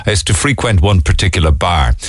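A man's voice: sits low, lively intonation, quick pace, breathy edge, dry recording. A man hosting a radio show, chatting easily and laughing along with his caller on a studio microphone. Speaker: radio host. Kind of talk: casual radio chat.

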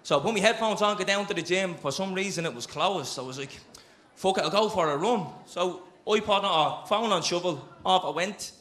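A young man with a Dublin accent, co-hosting a live podcast show on stage and telling a story in a brash, sweary, animated way. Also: high voice, fairly quick, few pauses. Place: live venue before an audience.

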